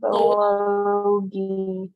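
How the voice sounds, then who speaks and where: A woman student in a language class, slowly and carefully repeating words after the teacher. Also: mid-range voice, monotone, highs cut off, faint music behind. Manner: slow, careful repetition.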